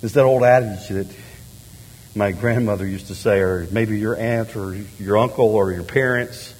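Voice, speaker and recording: A husky-voiced middle-aged man preaches in a church sanctuary, his words trailing off into a long hall reverb. His delivery is animated, dropping quiet and then rising to loud, emphatic lines. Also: lowish voice, moderate pace. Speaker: pastor. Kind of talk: sermon.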